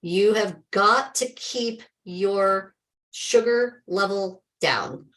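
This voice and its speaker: A woman's voice: mid-range voice, drawn-out words, fairly bright tone, low-quality recording. A woman talks straight to her live-stream viewers as a health coach, calling them by name. She is emphatic and chatty, full of exclamations, with remarks of faith mixed into her advice.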